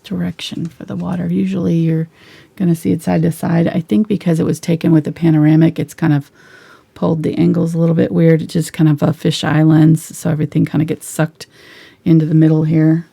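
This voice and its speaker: A woman giving a live painting lesson, chatty and relaxed, sometimes dropping into soft whispers as she works. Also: low-pitched, fairly quick, gravelly, slightly rough. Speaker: painting instructor.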